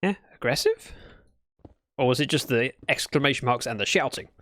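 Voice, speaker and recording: A man's voice: mid-range voice, expressive, normal speed, fairly bright tone, no room sound. A British man livestreaming a game, chatting casually in a rambling, playful way and correcting himself as he goes. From Britain. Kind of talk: casual gameplay chat.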